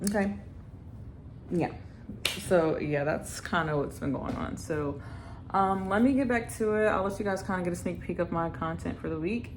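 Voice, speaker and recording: A woman's voice: fairly low pitch, background noise. A young adult woman vlogging at home in a loose, chatty way with lots of fillers. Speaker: lifestyle vlogger. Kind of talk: casual chat to camera.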